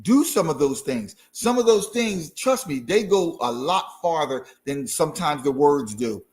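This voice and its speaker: An easygoing man co-hosting a talk show, his voice pitched a touch high. He agrees readily with his co-host. He gives calm, encouraging advice. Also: a little slow. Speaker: marriage podcast co-host. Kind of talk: casual chat.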